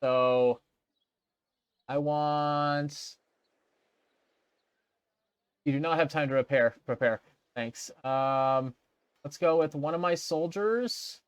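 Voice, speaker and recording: A man's voice: fairly high pitch, slow pace, pauses often, clear, resonant tone, no room sound. Casual, sarcastic let's play guy. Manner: casual, sarcastic, swears freely. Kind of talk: casual gameplay commentary.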